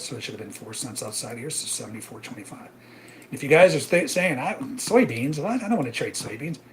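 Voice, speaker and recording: A middle-aged man hosts a live trading webinar, ranting emphatically and out of breath, often tacking "right?" onto his points. His voice is medium pitch, with slight background noise.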